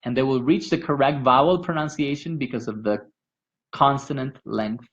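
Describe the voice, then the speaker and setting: A man leading a pronunciation workshop, modeling sounds by stretching them out slowly and repeating them. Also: mid-range voice, a bit bright, breathy edge, highs cut off. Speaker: pronunciation instructor. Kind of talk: teaching a live workshop.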